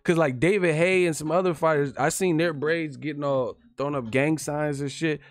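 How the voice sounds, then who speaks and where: A man hosting a live stream, giving casual, profane fight commentary, animated and quick to laugh. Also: fairly high pitch, faint music behind. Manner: animated, profane, laughing, breaks into yelled impressions.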